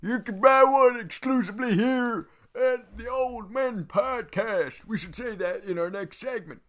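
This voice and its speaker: Very high and fairly bright, this man's voice moves at a measured pace. He's acting as a forgetful old man co-hosting a podcast in improvised comedy, goofy and rambling, easily sidetracked and losing his thread.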